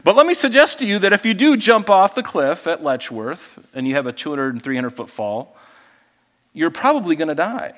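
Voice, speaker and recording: Conversational pastor in a reverberant hall. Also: male voice, fairly high pitch, big pitch swings, normal speed, a bit bright. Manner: conversational, asks the congregation questions and acts out voices. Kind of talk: sermon.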